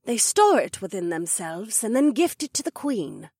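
A woman voicing a proud she-wolf duchess who explains things in a measured, serious way. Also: medium pitch, very animated, a little mellow, slightly rough, no echo, clean studio sound. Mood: grave. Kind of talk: audiobook dialogue acting.

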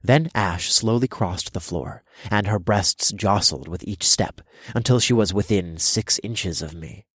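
A man narrating a first-person erotic story in low, measured storytelling. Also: fairly bright tone, slightly rough, no echo, clean studio sound.

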